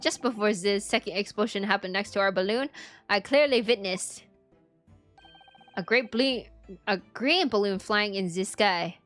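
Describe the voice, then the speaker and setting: A woman's voice: medium pitch, normal speed, fairly bright tone, faint music behind, close to an everyday voice. A woman voicing a spoiled, boastful young boy prince with a put-on French-like accent and stiff, whiny broken English. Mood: haughty. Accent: put-on French-like foreign accent.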